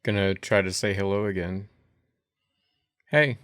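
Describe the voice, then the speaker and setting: A man plays a tabletop horror game with a low, smooth, resonant voice. He talks slowly and plainly, stating what his character does. The sound is dry. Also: a bit bright, dry recording. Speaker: player.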